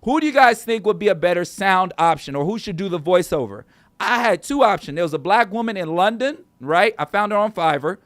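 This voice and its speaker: Male streamer host, high-pitched, loose and chatty, dry studio sound. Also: expressive, brisk, a bit bright, no room sound. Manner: rambling, talks straight to chat viewers. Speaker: show host. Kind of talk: casual livestream chat. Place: small studio.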